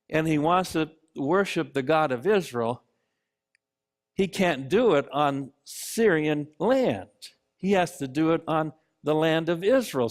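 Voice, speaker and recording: A man preaching a sermon in a church, slow and deliberate, pausing for emphasis. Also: fairly high pitch. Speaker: pastor. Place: church sanctuary.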